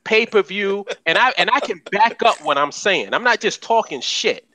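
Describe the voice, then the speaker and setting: A man in a heated live discussion, speaking bluntly and profanely with animated delivery. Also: high-pitched, moderate pace.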